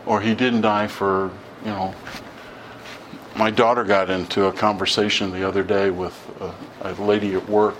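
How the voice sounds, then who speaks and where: A man's voice: fairly low pitch, little pitch movement, moderate pace, a bit bright, slight background noise. A middle-aged man giving an informal sermon, telling stories in a conversational way and acting out the dialogue. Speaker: preacher.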